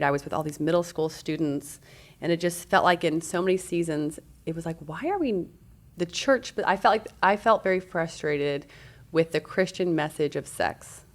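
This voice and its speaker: Low-voiced woman, animated storyteller. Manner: animated, acts out quoted speech. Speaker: guest, parenting speaker. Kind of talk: conversational podcast storytelling.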